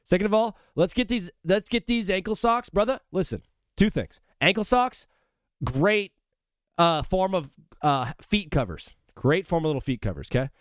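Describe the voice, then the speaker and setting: A man's voice: sits high, lively intonation, normal speed, dry recording, clean studio sound. A young man hosting a live sports stream, chatting loosely and jokingly with viewers and calling them brother. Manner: rambling, jokey, calls viewers brother. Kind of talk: casual live-stream chat.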